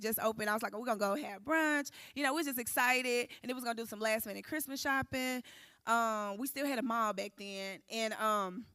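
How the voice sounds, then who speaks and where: Animated woman telling her testimony. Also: a little high, no echo, studio quality. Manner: animated storytelling, acting out quotes, addressing the room as y'all. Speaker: testimony speaker at church recovery service. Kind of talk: emotional personal testimony.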